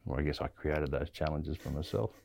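Aussie bloke with a really low voice, rambling story full of ums, dry sound. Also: male voice, fairly even intonation, fairly quick, vocal fry, a little mellow, no room sound. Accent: Australian. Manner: rambling, many fillers and restarts. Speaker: interview guest. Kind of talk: casual storytelling.

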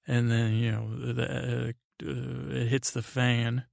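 A man hosts a sleepy, rambling recap podcast in a gravelly voice that barely rises or falls. He meanders through restarts and fillers, close to a dry microphone. Everything stays flat and unhurried. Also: no room sound. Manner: meandering, full of fillers and restarts, paraphrasing characters in a low-key voice. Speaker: podcast host.

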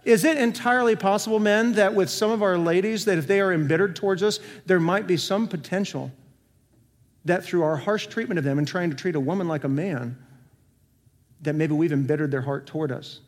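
Male pastor preaching, kinda high voice, big echoey church hall. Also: fairly quick. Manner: earnest preaching with rhetorical questions, swinging between emphatic and soft. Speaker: senior pastor. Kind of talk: sermon. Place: church sanctuary. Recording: long hall reverb.

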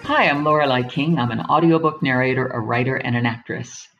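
A woman's voice: extremely low pitch, a little fast, dull audio, music in the background. A woman from Pittsburgh who is an audiobook narrator and actress, chatting in an interview and reminiscing with frequent hesitant fillers. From Pittsburgh, USA. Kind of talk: casual interview chat. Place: remote from host, living in England.

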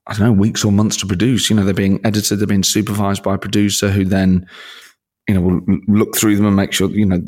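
Excitable, low-voiced male comedian. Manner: excitable, self-deprecating, laughs often. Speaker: comedian and impressionist guest. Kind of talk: casual interview chat.

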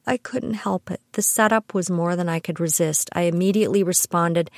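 A woman's voice: fairly low pitch, normal speed, hardly any pauses, a little mellow, no echo. A middle-aged woman from Canada telling personal stories on her podcast with dry, wry humor. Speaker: podcast host. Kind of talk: scripted personal storytelling.

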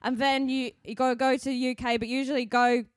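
A woman's voice: high-pitched, level tone, quick pace, dry recording, clean studio sound, lightly acted. A woman playing a dotty female alpaca farmer and animal behaviourist with a British accent, talking in an earnest, rambling, oddly confident way in an improvised comedy bit.

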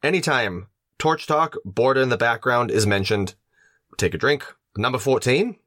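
A man co-hosting a casual podcast, reading out rules in a put-on Australian accent. His voice sits at a middle pitch and sounds dry and close, with no room around it. He keeps it playful throughout. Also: expressive, normal speed, pushed and bright, dry recording. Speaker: podcast co-host.

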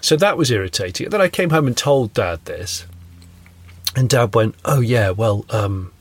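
A man's voice: mid-range voice, sing-song, normal speed, slightly rough. A man co-hosting a podcast, telling rambling anecdotes in casual chat. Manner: rambling anecdotal storytelling with laughs. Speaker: podcast co-host.

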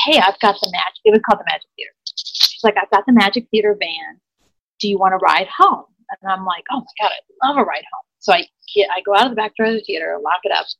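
A woman with a medium-pitched, gravelly, slightly bright voice, recorded dry and sounding dull. She's an improv actor spinning a wild personal story, chatty and animated, packed with "like" and acted-out quotes.

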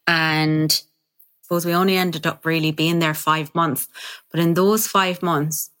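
A woman's voice: deep voice, steady tone, unhurried, fairly bright tone. A young Irish woman talking candidly about her own life in an interview, chatty and acting out what people said to her. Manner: candid, chatty, acts out quoted speech. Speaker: podcast host telling her own story. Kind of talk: personal storytelling in an interview.

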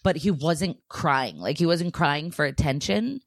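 Low-voiced mom telling a story. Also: female voice, lively intonation, a little slow, dry recording, studio quality. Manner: candid, emotional storytelling. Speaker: podcast co-host. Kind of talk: casual chat.

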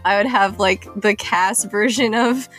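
A woman's voice: medium pitch, a little slow, fairly bright tone, soft background music. A woman hosting a casual podcast chat, who laughs often and swears freely. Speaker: podcast host.

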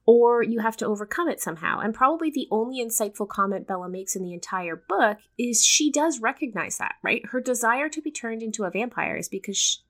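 A woman's voice: fairly high pitch, lively intonation, a little fast, hardly any pauses. Woman, podcast co-host, dry sardonic humor, casual chat.

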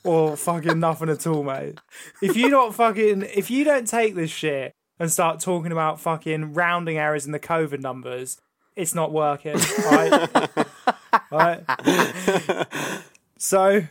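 Crude, animated male podcast host. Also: a little high, a little slow. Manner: crude, swearing, animated storytelling. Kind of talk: casual chat.

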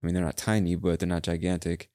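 Low, ranting podcast guy, lots of swearing. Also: little pitch movement, fast talker, dark tone, no echo, clean studio sound. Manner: rambling, profane, ranting. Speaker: podcast host. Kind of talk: casual solo monologue.

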